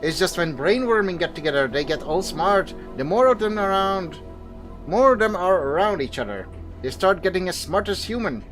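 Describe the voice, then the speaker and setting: Guy putting on a gruff slum local voice, folksy drawl, fake accent, bit high. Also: expressive, moderate pace, a bit bright, soft background music. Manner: drawling, folksy, says aye.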